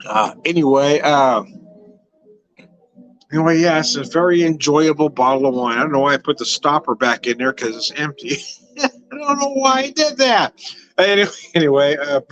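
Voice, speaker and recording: A man's voice: on the high side, expressive, normal speed, fairly bright tone, muffled recording. An older man from Southern California, chatting casually on a home wine livestream, rambling and laughing often, with occasional swearing. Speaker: wine vlogger. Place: home room.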